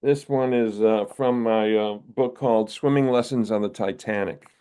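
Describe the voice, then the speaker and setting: An older man from the United States, giving a wry, measured poetry reading as a poet. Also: lowish voice, warm tone, clear, resonant tone. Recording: narrow phone-like video call audio.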